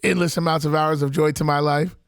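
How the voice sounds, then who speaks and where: A man's voice: fairly high pitch, level tone, a little fast, creaky, no echo, studio quality. A middle-aged man co-hosting a podcast, casually laying out stories point by point in sports banter. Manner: storytelling, lays out points for and against, mimics voices. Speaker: podcast co-host.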